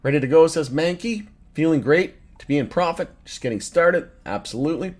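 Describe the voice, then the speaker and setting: A man in his thirties hosts a casual livestream, reading the chat aloud in a slightly high voice with lively intonation and a slightly fast pace. He's loose and profane, laughs a lot, and swings between joking around and getting irritated.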